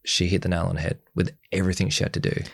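A man's voice: deep voice, racing, gravelly, dry recording. A young man in a candid interview, speaking bluntly and acting out the things people said to him. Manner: blunt and animated, acting out quoted dialogue. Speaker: interview guest.

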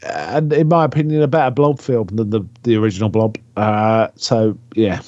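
A man's voice: fairly low pitch, moderate pace, darkish tone, no room sound. A man co-hosting a casual film discussion. He chats freely, sharing opinions and trivia, with plenty of ums and uhs. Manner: chatty, offers opinions and trivia, many fillers. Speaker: podcast co-host. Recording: slightly dull, muffled sound.

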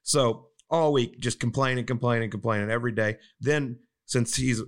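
A man's voice: mid-range voice, normal speed. A young man, a pro golfer and podcast co-host, telling stories in casual chat and acting out other people's voices. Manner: animated storyteller, acts out voices of others.

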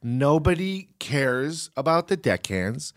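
Sarcastic man with a lively voice. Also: a little high, heavy background noise. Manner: dry, sarcastic, deliberate. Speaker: podcast co-host. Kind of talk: casual banter.

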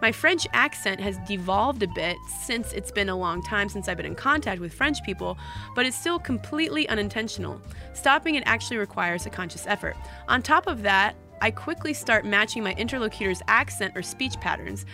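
A woman's voice: medium pitch, expressive, fairly quick, sharp tone, faint music behind. A woman co-hosting a podcast, reading listener emails aloud in a chatty, easygoing way. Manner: chatty, laughs easily. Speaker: podcast co-host. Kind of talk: casual chat, reading listener mail.

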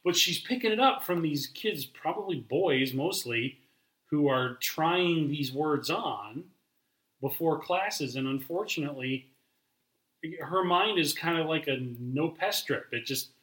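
A man's voice: on the high side, animated, unhurried, a bit bright, echoey room, poor audio. A man co-hosting a podcast, telling an anecdote in a wry, easygoing way. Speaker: podcast co-host. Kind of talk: casual chat.

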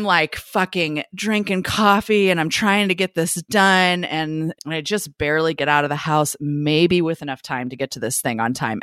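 A woman's voice: sits low, a bit bright, no room sound, clean studio sound. A woman co-hosting a podcast, telling a story with candid, frank, laughing talk in casual chat. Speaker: podcast co-host.

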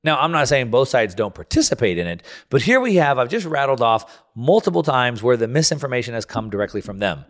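A radio talk show host of medium pitch, slightly bright, speaks very animatedly and briskly with few pauses. Heated, he rants through political commentary, constantly restarting and tripping over words.

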